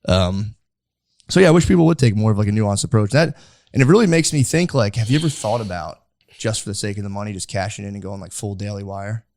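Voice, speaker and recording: A man's voice: fairly low pitch, quick pace, darkish tone, dry recording, studio quality. A young man hosting a podcast, chatting casually and rambling with lots of filler words. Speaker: podcast host. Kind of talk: casual chat.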